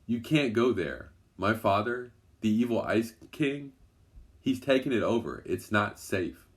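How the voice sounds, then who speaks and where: A man's voice: fairly low pitch, expressive, a little slow. A man voicing a kind young ice princess from a storybook who is eager to help. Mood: worried.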